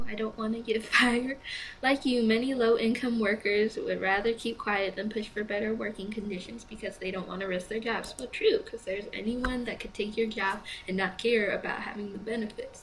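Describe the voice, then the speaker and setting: A young woman reads game prompts aloud and weighs each choice in a casual, chatty way. She sounds sleepy, and her voice sits a little high. A faint hiss runs under the recording. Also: vocal fry, rough recording. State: sleepy, yawning. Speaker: gamer playing a choice game. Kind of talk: let's play commentary.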